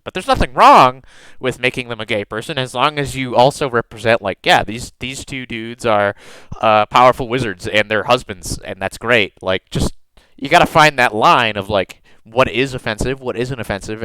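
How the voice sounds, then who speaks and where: An American man co-hosting a casual tabletop gaming podcast, talking in halting bursts with frequent restarts and laughs. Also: medium pitch, bright, forceful tone, clean tone, dry recording, low-quality recording. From United States. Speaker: podcast co-host, game master.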